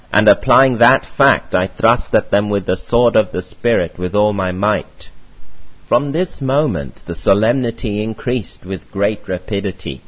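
A man reading a first-person memoir aloud in a measured, earnest way, on a muffled lo-fi recording. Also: fairly low pitch. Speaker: audiobook reader.

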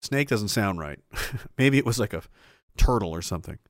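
A man's voice: lowish voice, expressive, normal speed, dry recording, studio quality. A man delivering a heated, profane opinion rant, emphatic and rambling, with restarts and asides.

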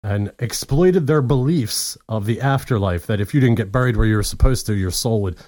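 On his own separately recorded mic, a podcast co-host with a fairly low, darkish voice tells a rambling story at a brisk clip during casual chat. He swears a lot and laughs along the way, with no room sound.

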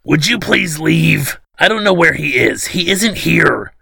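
A man's voice: mid-range voice, moderate pace, gravelly, bright, forceful tone. A man voicing an elderly man who insists and pleads, breathless and shaken. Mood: pleading. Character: elderly man, frightened but stubborn.

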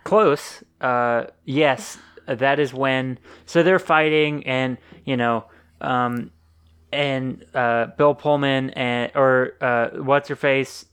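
A young man co-hosting a casual podcast, recapping a film in a loose, animated way. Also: mid-range voice, slow pace, smooth. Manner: rambling, animated movie recaps with put-on voices. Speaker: podcast co-host. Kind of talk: casual chat.

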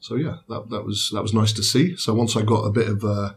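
A man, a bodybuilder, casually recounting his training in a relaxed, rambling way with fillers. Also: fairly low pitch, a little fast, slight background noise. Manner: laid-back, rambling recap with fillers. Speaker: bodybuilder guest. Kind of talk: casual podcast chat.

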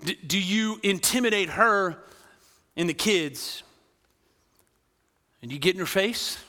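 A man preaching a lively sermon, often asking the crowd "right?" and acting out quoted voices. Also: sits high, slow, big-room sound. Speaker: pastor.

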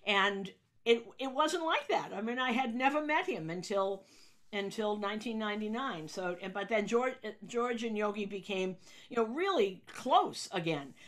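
A woman, a sports broadcaster telling an anecdote in an interview, acting out quotes with sudden loud high bursts. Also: animated, normal speed.

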